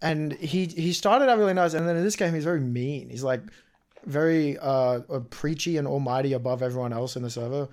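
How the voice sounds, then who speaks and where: A man with a somewhat high voice, chatting casually on a podcast. He tells stories in a loose, rambling way. He often slips into quoting what other people said. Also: steady tone, brisk, darkish tone. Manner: chatty storytelling, quotes people in reported speech. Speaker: podcast co-host. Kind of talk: casual chat.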